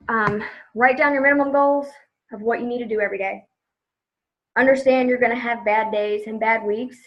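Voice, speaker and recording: Woman, team leader, chatty motivational live video; sharp, bright tone, lo-fi sound. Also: on the high side. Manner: chatty, upbeat, says "like" a lot. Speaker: direct sales team leader.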